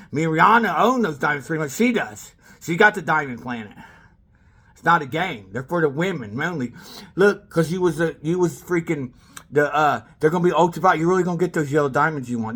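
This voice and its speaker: A man's voice: a little high, a bit bright, breathy edge. A man rambling in a monologue to camera, calling people out by name and trailing off mid-sentence.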